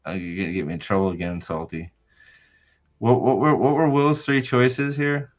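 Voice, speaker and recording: A man's voice: fairly low pitch, steady tone, normal speed. Man, livestream host, casual chat, rambling, lots of swearing, slightly muffled lo-fi audio. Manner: rambling, heavy swearing, frequent restarts.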